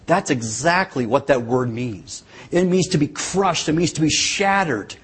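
A man's voice: a little high, lively intonation, measured pace, a bit bright, husky. A man preaching a sermon, telling the story earnestly and dramatically, with changing emphasis.

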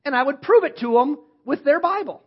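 A man in his fifties preaching a sermon as pastor, animated, swinging from loud emphatic questions to quiet low asides. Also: fairly quick, highs cut off.

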